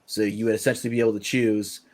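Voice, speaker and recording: A man with a fairly low voice joins a casual crypto panel. He teases the others with dry jokes and then explains plainly. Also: level tone, fast talker, a little mellow. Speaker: round table panelist. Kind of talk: casual live-stream discussion.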